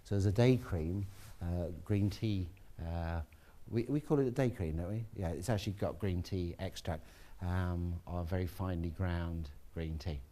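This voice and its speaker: A man giving a relaxed, chatty classroom lecture, with asides to students. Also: sits low, normal speed, few pauses.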